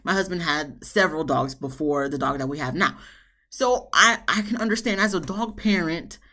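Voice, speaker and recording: A woman's voice: low-pitched, moderate pace, pushed and bright. A woman reviewing a reality TV episode in a chatty, emphatic vlog style with dramatic asides. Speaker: TV show reviewer.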